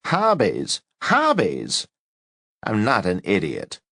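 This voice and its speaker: A man voicing a cackling, foul-mouthed, imperious old woman, sharp and mocking, pitched high. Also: very animated, normal speed, creaky, no room sound, clean studio sound, heavily acted. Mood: scornful.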